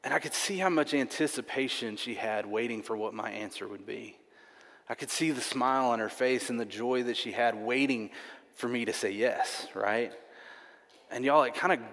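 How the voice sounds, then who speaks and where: A man's voice: mid-range voice, normal speed, a bit bright. A man preaching a sermon, telling a personal story earnestly and repeating himself often. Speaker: pastor. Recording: long reverb of a large hall.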